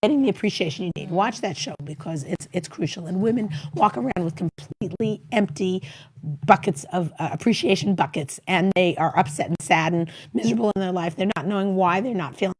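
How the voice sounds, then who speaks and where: A woman's voice: fairly low pitch, a little fast, a little mellow, breathy edge. A middle-aged woman hosting a talk show, giving marriage advice in a rambling, casual way and acting out bits of dialogue. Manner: rambling, acts out little quoted dialogues.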